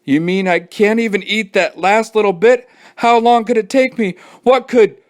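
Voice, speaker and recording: A man voicing an excitable, stubborn young boy who talks eagerly and shouts. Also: high voice, moderate pace, voice pushed up, close to an everyday voice. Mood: pleading.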